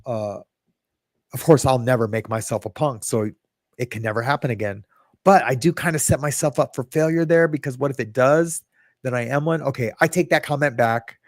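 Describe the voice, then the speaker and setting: This is a middle-aged man livestreaming his podcast, talking casually, reading out comments from chat, and teasing himself as he wanders off topic. He has a medium-pitched voice and a brisk pace. The recording is dry and studio quality.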